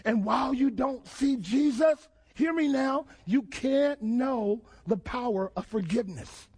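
High voiced pastor guy preaching hard, keeps asking the church questions, gets loud and shouty. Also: unhurried, slightly rough. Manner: call-and-response questions to the congregation, emphatic shouted build-ups. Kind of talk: sermon.

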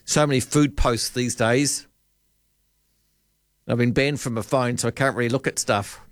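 Rambling New radio host, dry studio sound. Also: male voice, medium pitch, steady tone, normal speed, dry recording. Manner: rambling, jokey, thinks aloud. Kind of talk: casual radio chat. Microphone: studio microphone.

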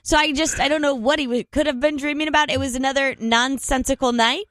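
A woman's voice: high-pitched, fast, dry recording. Chatty radio co-host woman, dry studio sound. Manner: animated, acts out quotes, many fillers. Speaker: radio morning show co-host. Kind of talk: casual storytelling chat.

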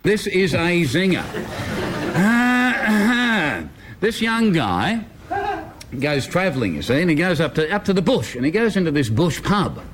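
A man telling a long joke on the radio, animated and chuckling as he goes. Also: high voice, unhurried, a little hiss or hum.

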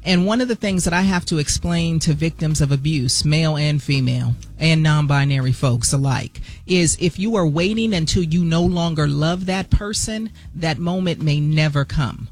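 A man's voice: fairly high pitch, normal speed, few pauses, faint music behind. A man in a casual panel chat, explaining patiently and earnestly. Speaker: podcast guest discussing relationships.

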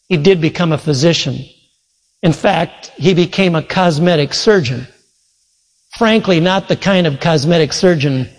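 A preacher with a slightly high voice tells a long story in an earnest sermon, giving voice to each person in it. His words ring out with a long reverb through a large church hall. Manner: retells a story with many quoted voices, earnest. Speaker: pastor.

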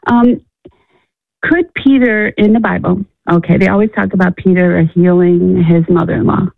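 A woman's voice: fairly low pitch, fairly even intonation, normal speed, creaky, dry recording. A woman from Illinois calling in to a radio show, rambling with many fillers and restarts. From Illinois, USA. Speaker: caller. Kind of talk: phone-in conversation. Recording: tinny phone line.

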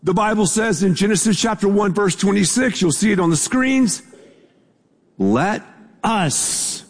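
A man's voice: high-pitched, a little fast. A man preaching a sermon as pastor, talking in a casual, conversational way with repetitions and asides to the congregation, recorded in a church sanctuary. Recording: long hall reverb from a large room.

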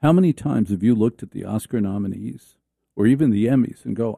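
A man's voice: fairly low pitch, brisk, vocal fry, warm tone, slightly rough, no echo, clean studio sound. A man hosting a talk radio show, riffing in a sarcastic, theatrical comic monologue.

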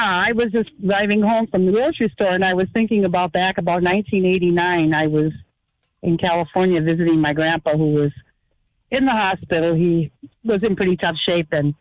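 A man calling in to a radio show, telling a story in an earnest, halting way. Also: sits high, no echo. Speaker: caller. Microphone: phone line. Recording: tinny phone line.

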